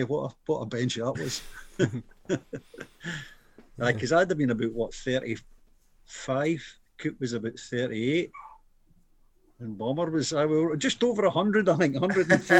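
A man's voice: medium pitch, measured pace, pauses often, breathy edge. A Scottish man in his fifties, a former footballer, telling a match story in casual chat, acting out quotes and laughing often.

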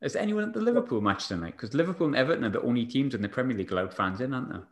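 A man's voice: medium pitch, very animated, rapid-fire, reverberant, a crowd in the background. A man hosting a casual football chat, chatty and jokey, asking lots of questions.

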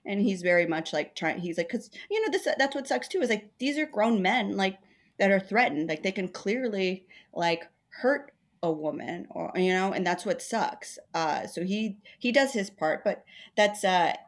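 A woman's voice: mid-range voice, expressive, normal speed. A woman comedian in a casual conversation, rambling through stories with many fillers and acting out what other people said. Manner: rambling storytelling, acts out quoted voices, many "like" fillers.

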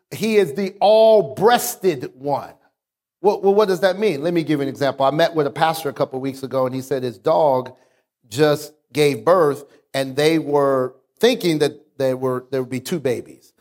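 High-voiced preaching man. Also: a little mellow. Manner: preaching with call-outs to the congregation; swings from low explaining talk to raised, drawn-out emphasis. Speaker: pastor. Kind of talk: sermon.

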